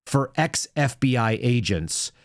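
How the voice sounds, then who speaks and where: A man's voice: medium pitch, lively intonation, slow, dry recording, studio quality. A man hosting a political commentary show, sarcastic and mocking as he reacts to news clips. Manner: sarcastic, mocking, puts on silly voices. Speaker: podcast host.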